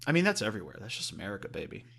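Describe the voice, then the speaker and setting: A man chatting casually as a podcast co-host. His voice is low-pitched and bright. He rambles, swears freely and fills his talk with ums and you-knows. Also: huge pitch swings, very fast, gravelly. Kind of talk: casual chat.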